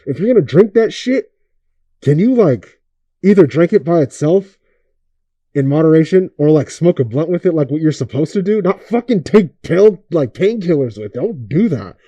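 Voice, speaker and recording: A man's voice: on the high side, lively intonation, moderate pace, warm tone, dry recording. A young man hosting a podcast, ranting in a casual, profane way and firing off rhetorical questions. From Oakland area. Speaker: podcast host.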